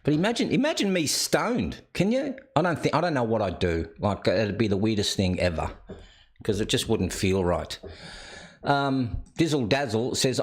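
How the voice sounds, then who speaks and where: A man's voice: mid-range voice, very animated, moderate pace. An Australian man hosting a live chat show and reading viewer comments aloud. He keeps breaking into laughter. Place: indoors.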